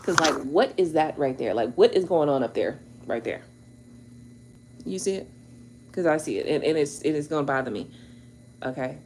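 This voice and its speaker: A woman, hosting a casual chat to her viewers, animated, exclaiming and laughing as she talks. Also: low-pitched, moderate pace, long pauses, slight background noise. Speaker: tarot channel host.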